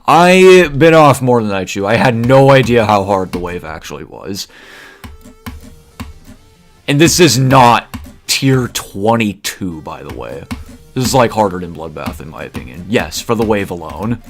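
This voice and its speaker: A man's voice: lowish voice, big pitch swings, unhurried, gravelly, soft background music. A man giving casual, opinionated gaming commentary, rambling and peppering his talk with fillers. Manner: opinionated, rambling, heavy use of "like". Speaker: gaming video creator.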